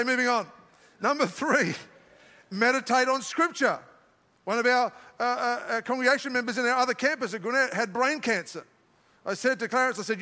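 An older Australian man preaching to his congregation, his voice high and forceful. He slips playful, self-deprecating jokes in between scripture points, and a long hall reverb trails each line. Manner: joking, self-mocking asides. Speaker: pastor. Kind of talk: sermon. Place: large church auditorium.

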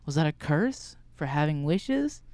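A man's voice: fairly high pitch, very animated, measured pace, a little mellow, dry recording. A man voicing a puzzled male bartender, asking questions in a raised voice.

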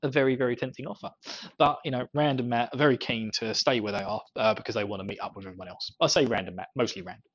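A man's voice: medium pitch, steady tone, quick pace, hardly any pauses, slightly rough, dry recording. A man hosting a podcast, chatting casually about a book and laughing often between his thoughts. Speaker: podcast host. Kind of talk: casual book discussion chat. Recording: slightly dull lo-fi audio.

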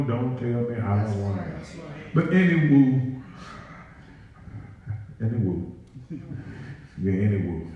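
A man preaching a sermon as pastor, joking with the congregation and calling out to them. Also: mid-range voice. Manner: playful, joking asides, call-and-response with congregation. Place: large church sanctuary. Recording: very echoey hall, dull sound, from far off.

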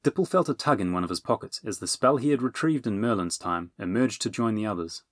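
A man narrating a children's fantasy audiobook in a measured, even way. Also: on the low side, no echo, studio quality. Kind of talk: storybook narration.

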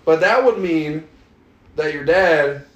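A man's voice: on the high side, slow pace, reverberant. A man with a Texas accent hosting a podcast, profane, teasing and laughing a lot in rowdy casual chat. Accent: Texas Southern US. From Texas, USA.

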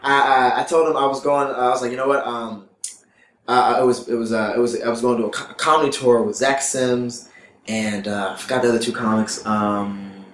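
A male comedian telling stories in a casual interview, his voice at a middle pitch. He rambles and restarts, dropping casual swearing. The recording carries a roomy echo. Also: fairly even intonation, moderate pace, slight background noise. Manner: rambling, many restarts, profane. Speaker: comedian guest.

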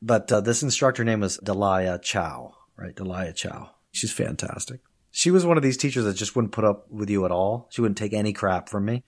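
A man, a guest on an interview podcast and a professor of Chinese, chatting casually and telling lively stories with frequent laughter. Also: lowish voice, moderate pace. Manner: lively storyteller, laughs often.

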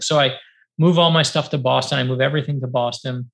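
A middle-aged man from New York, an author guest telling lively stories in a podcast interview over a video call, acting out the dialogue he recalls. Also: medium pitch, fast talker, creaky. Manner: lively, acts out quoted dialogue, many fillers of 'like'. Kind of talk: animated storytelling in a podcast interview.

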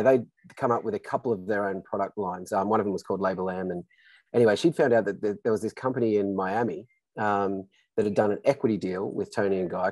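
A man's voice: on the low side, dry recording, rough recording. A middle-aged Australian man telling his business story in a casual interview, rambling, full of "um" and "you know", and frank. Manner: rambling, filler-heavy, relaxed and frank. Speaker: business founder guest.

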